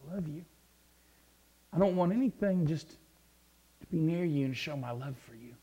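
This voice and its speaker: A male preacher voicing a loyal dog that quietly murmurs its love to its master. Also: fairly high pitch, animated, unhurried, husky, voice pushed down, full character voice. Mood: adoring. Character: adoring dog at its master's feet.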